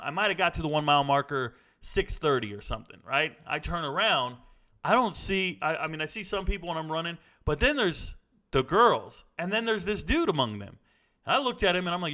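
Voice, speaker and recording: Middle-aged male host, raised pitch, crisp bright tone, animated blunt storyteller. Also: brisk. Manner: animated, blunt, swears casually. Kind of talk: casual storytelling.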